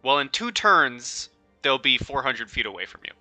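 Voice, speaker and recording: A man narrating as dungeon master in a relaxed, rambling way with fillers. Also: mid-range voice, moderate pace, no echo, faint music behind. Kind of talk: narrating a tabletop game.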